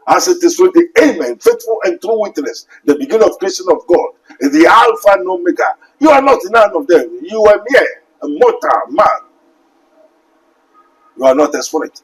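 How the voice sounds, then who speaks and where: A man's voice: high voice, big pitch swings, normal speed, rough recording. A man with a Ghanaian English accent preaching a sermon, quoting scripture and asking rhetorical questions emphatically. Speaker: pastor.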